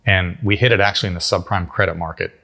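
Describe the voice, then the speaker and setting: A man, a guest entrepreneur, telling his business story in an animated, casual way, acting out what people said. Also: low voice, fast talker, creaky. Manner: casual, folksy grammar. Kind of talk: storytelling interview.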